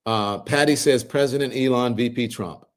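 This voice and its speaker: A middle-aged man hosting a livestream, reading viewers' comments aloud and answering them in a relaxed, conversational way. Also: mid-range voice, moderate pace. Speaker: host reading live chat comments. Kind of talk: casual livestream chat.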